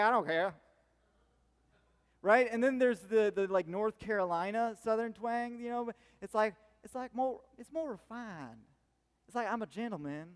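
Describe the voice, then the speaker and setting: A male pastor delivers a conversational sermon, circling back with fillers and restarts as he talks. His voice sits high for a man. The sound carries a long reverb from a church hall. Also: clean tone.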